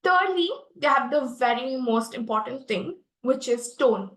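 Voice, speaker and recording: A young woman with an Indian English accent gives a lesson on public speaking. Her voice sits high, and she talks earnestly, stumbling through fillers and restarts. The room around her sounds echoey. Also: expressive, a little slow, fairly bright tone. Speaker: guest expert speaker.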